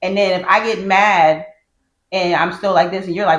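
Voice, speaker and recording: A woman's voice: lowish voice, fairly even intonation, normal speed, reverberant, dull audio. A woman co-hosting a casual podcast, telling stories and acting out quotes. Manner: chatty storyteller, acts out quotes. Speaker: podcast co-host.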